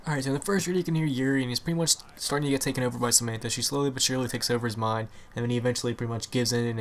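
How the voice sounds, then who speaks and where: A young man at a desk mic rattles quickly through his video game lore theories. He rambles in a casual way and leans on fillers, with faint noise under his voice. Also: mid-range voice. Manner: rambling, hedging, with frequent "pretty much" fillers.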